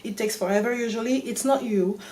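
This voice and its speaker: Woman, French accent, native French speaker, storytime vlog, animated, swears a lot. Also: a little high, a little fast, a little hiss or hum. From France. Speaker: vlogger.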